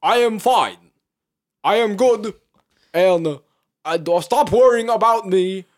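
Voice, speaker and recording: A man doing a comic impression of an elderly politician, high, strained and insistent. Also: slow.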